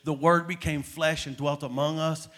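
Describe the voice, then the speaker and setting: A man preaching a sermon, moving between hushed passages and loud, dramatic build-ups. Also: a little high, fairly even intonation, normal speed. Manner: dramatic, swings from soft to loud.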